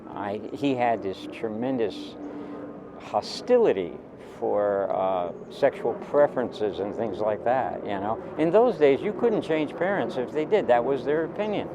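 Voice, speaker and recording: A man's voice: medium pitch, animated, unhurried, noisy background. A man in his seventies telling a personal story in a rambling, digressive way, with asides to the listener.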